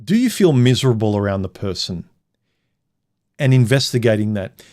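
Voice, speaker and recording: A man's voice: on the low side, big pitch swings, normal speed, a little mellow, no echo, clean studio sound. A man hosting a live stream, chatting casually and bluntly with his viewers, cracking jokes and giving frank dating advice. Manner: blunt, joking, talks straight to the chat.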